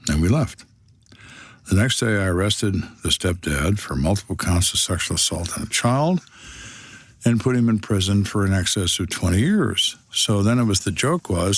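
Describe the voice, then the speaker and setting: A man's voice: fairly low pitch, lively intonation, moderate pace, no echo. Blunt, dry-humored man in his 60s. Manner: blunt, dry, wry storytelling. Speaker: retired detective, podcast host. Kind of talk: storytelling on a podcast.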